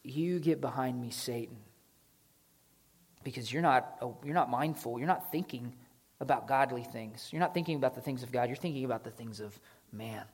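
A preacher voicing Jesus with a quiet, firm rebuke. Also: male voice, mid-range voice, normal speed, husky, voice pushed down. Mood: stern. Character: stern Jesus rebuking a disciple.

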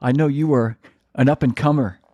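A man's voice: mid-range voice, fairly even intonation, moderate pace, mellow, no room sound. A man hosting a casual talk show, speaking in a rambling way with many restarts. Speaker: host. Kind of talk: casual chat.

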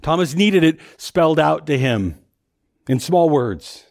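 A man's voice: a little high, animated, unhurried, creaky. A man preaching a sermon in a conversational way, often repeating words as he thinks aloud.

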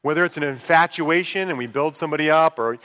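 Male pastor, casual storytelling sermon, bright forceful voice, big reverberant church room. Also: a little high, quick pace, clean tone. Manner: conversational storytelling, swings between hushed asides and excited outbursts. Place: church sanctuary. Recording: long reverb of a large hall.

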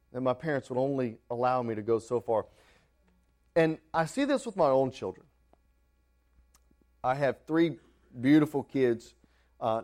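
A man in his thirties preaching a sermon in church, telling a family story with many restarts before rising into loud preaching. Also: mid-range voice. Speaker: pastor.

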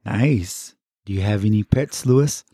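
A woman hosting a podcast who casually interviews a child with gentle, playful questions. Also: rumbling low, a little slow, slightly rough, dry recording. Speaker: podcast host. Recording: dry close-miked studio.

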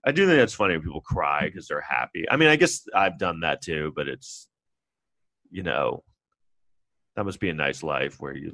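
This podcast host, a forties-aged New Yorker with the city's accent, rambles through a casual solo monologue, mocking himself and impersonating others in high, taunting voices. His delivery sounds pushed and bright, with no room sound at all.

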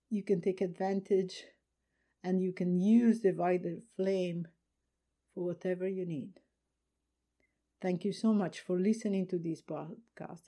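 A woman hosting a spiritual podcast, talking in a slow, soft and earnest way that often trails off quieter. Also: on the low side. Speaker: podcast host and spiritual teacher.

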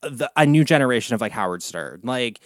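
A man hosting a casual podcast chat, gossiping and swearing freely, with big swings in pitch and loudness. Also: lively intonation, a little fast, dry recording. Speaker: podcast host, comic and drag performer.

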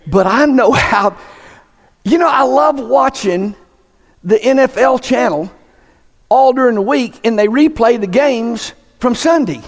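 A man, preaching a sermon as pastor in an emphatic style that climbs to near-shouts. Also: very high voice, expressive, a little slow. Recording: echoey hall.

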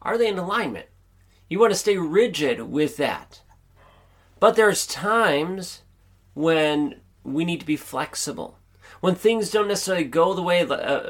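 A man's voice: fairly high pitch, a bit bright. Upbeat man hosting a motivational podcast. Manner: upbeat, earnest, chatty, pep-talk delivery. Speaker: podcast host. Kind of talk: motivational solo podcast monologue.

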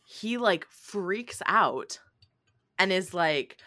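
Woman, podcast co-host, casual chat, animated storyteller, bright voice, lively pitch. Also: slow. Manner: animated, laughing storyteller with lots of fillers.

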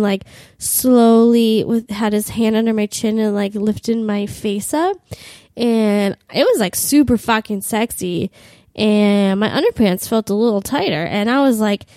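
A woman's voice: mid-range voice, a little slow, warm tone, no room sound. A young woman in her twenties with a cold, crudely and self-mockingly telling a comic travel story with lots of "like.". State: has a cold. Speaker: podcast host.

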